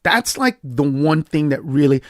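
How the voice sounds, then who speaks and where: A man, a comedian guest on a podcast, telling a story in an emphatic, profane way and acting out quoted lines with sudden jumps in pitch. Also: animated, normal speed, no room sound, studio quality.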